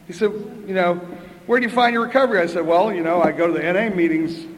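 A man's voice: high voice, quick pace. An older man telling a wry, chatty story at a twelve-step recovery meeting, often tossing in "right?" and a laugh. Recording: echoey hall with faint ambience.

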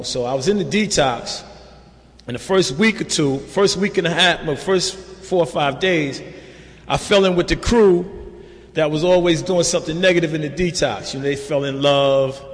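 Speaking at a recovery meeting in a reverberant hall, an older man from New York tells his story in a streetwise, easygoing, conversational way. He keeps saying "you know," and his fairly high voice moves at a moderate pace.

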